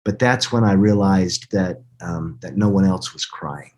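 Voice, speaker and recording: A middle-aged man with a husky, low, darkish voice tells a personal story as a podcast guest. He is earnest but halting, restarting often.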